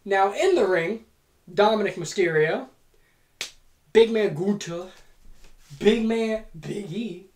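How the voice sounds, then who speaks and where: Her medium-pitched voice is a little mellow, slow and often pausing as she hosts a podcast from an echoey home room. She tells a playful, profane story in a casual fantasy-booking monologue.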